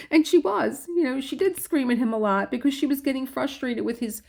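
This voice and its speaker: A middle-aged woman telling a personal story candidly, halting often and restarting her sentences. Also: sits high, vocal fry. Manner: candid, halting, with frequent restarts and soft laughs.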